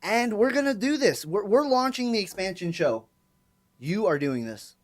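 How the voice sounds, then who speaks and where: Lively, playful young woman radio host. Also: mid-range voice, moderate pace. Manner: playful, hyped, teasing. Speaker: college sports radio host. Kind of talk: live campus radio banter. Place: campus radio studio.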